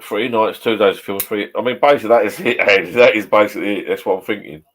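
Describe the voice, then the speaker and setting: Bloke, fifties, low voice, a few beers in, rambling sweary chat in his pub shed. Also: fast, slight background noise. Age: 50s. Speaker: vlogger.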